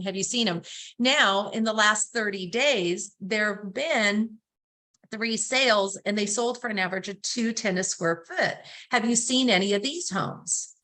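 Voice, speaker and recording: A woman's voice: mid-range voice, sharp tone. A woman teaching a real estate sales class, acting out lines to say to clients and checking in with the class. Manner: coaching, acts out client scripts, asks class questions. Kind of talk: class lecture with role-played scripts.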